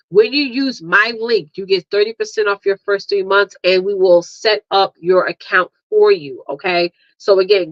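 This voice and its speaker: A woman's voice: medium pitch, no room sound. Chatty woman livestream host, dull dry sound. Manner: lively, chatty, laughs often, calls listeners honey and girl. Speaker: livestream host and marketing coach. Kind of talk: casual live chat.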